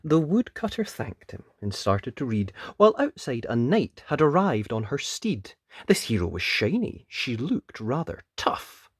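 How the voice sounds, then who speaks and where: A woman reading a rhyming children's picture book aloud, expressive and sing-song. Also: a bass voice, unhurried, breathy edge, no echo, clean studio sound. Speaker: storybook reader.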